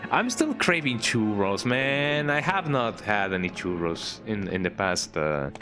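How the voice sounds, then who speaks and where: A man's voice: lowish voice, very animated, measured pace, music in the background. A man giving casual, rambling gameplay commentary while streaming, often tagging his sentences with "eh?" and restarting them. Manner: rambling, frequent "eh?" tag and restarts.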